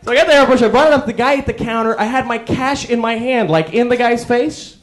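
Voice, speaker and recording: A man doing a stand-up comedy routine, acting out quick character bits to a live crowd. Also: very high voice. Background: audience laughter.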